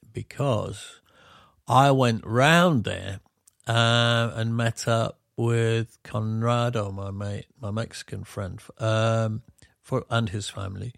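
Middle-aged Yorkshire man, podcast co-host, slightly low and gravelly, wanders through anecdotes with self-mockery. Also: no room sound, clean studio sound. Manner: rambling, self-deprecating storyteller. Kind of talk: casual chat.

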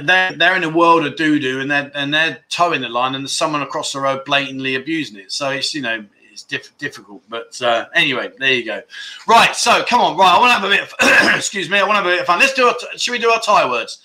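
A man's voice: fairly high pitch, a little fast, sharp tone. A man from London with a London accent hosting a casual livestream chat show, chatty and jokey as he reads out viewer comments. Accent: London English. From London, England. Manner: chatty and jokey, rambling with restarts and laughs. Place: living in Thailand.

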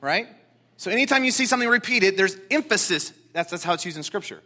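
A man preaching an expository sermon to a seated congregation in a church, emphatic and excitable, swinging between loud declarations and hushed asides. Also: high voice, a little fast.

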